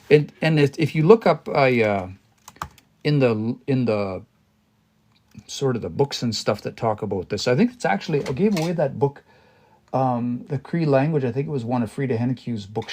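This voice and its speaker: A man's voice: medium pitch, darkish tone. A man teaching a language on a livestream, thinking aloud and explaining word by word, with many restarts and hesitations.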